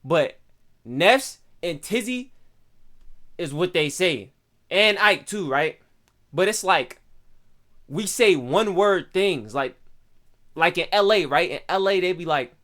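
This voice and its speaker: A man's voice: on the high side, lively intonation, unhurried, long pauses, a bit bright. A young man from Pittsburgh with a local accent, casually explaining things to his stream viewers in loose street slang and often checking in with "right?".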